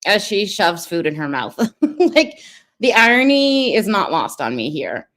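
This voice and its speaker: Reaction host, female, dry mocking commentator with a slightly low voice. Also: big pitch swings, moderate pace, fairly bright tone. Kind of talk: sarcastic commentary over a clip.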